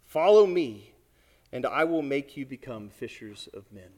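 A man preaching a sermon as a priest, talking to the congregation in a lively, conversational way with many asides. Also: mid-range voice, unhurried.

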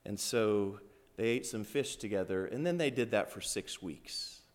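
Slow, dramatic preacher man. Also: fairly low pitch. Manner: dramatic, swinging from loud to hushed; retells the story as if he were there. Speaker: pastor. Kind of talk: sermon.

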